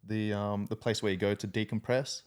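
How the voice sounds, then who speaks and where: A man's voice: on the low side, level tone, fairly quick, clean tone. An Australian man and army veteran telling a story in casual podcast chat, profane and laughing often.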